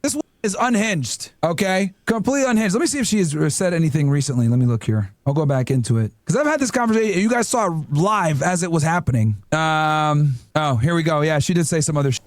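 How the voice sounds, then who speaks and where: A man's voice: fairly high pitch, lively intonation, fast, dry recording, studio quality. A man ranting casually to viewers while reading messages aloud, mocking and swearing, sometimes talking to his dog. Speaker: podcast host reading messages.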